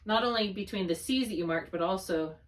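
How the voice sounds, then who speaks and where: A woman's voice: mid-range voice, brisk, distant mic. Patient woman tutor, a little off-mic. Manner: patient, guides step by step, checks understanding often. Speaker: reading tutor. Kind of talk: one-on-one spelling lesson.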